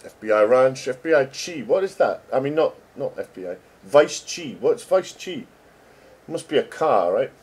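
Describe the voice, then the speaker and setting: A man's voice: medium pitch, lively intonation, normal speed, a little mellow, slightly rough. A middle-aged man, a game developer chatting casually and joking as he reads code names aloud. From England. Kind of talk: casual commentary while reading code.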